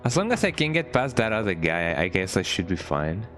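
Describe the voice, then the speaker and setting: Male streamer, low and very animated, playful casual game chatter, keeps tagging "eh?", faint music bed. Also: brisk. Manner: tags nearly every sentence with "eh?"; playful, chats with viewers while playing. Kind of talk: casual gameplay commentary.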